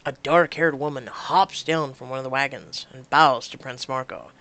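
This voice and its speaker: A woman reading the narration of a story game aloud in a plain, steady way. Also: rumbling low, normal speed. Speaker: reader.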